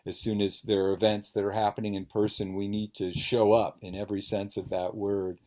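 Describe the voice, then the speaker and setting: Earnest, low-voiced male interviewer. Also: little pitch movement, a little fast, a little mellow. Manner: earnest, emphatic, talkative. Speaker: interviewer and fellow author. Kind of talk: book event conversation.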